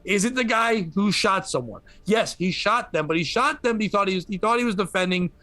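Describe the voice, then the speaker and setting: A man with a slightly high voice tells a news story for laughs, swearing freely and acting out the people in it. The sound is dry and close, with no room around it. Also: animated, a little fast, sharp tone, no echo. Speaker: podcast host. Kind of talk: comedic news commentary.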